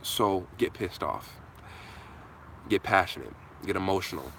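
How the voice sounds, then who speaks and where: A man's voice: deep voice, lively intonation, measured pace, a bit bright, a little hiss or hum. A man hosting a live viewer Q&A, giving an impassioned motivational talk with casual asides. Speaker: channel host answering viewers.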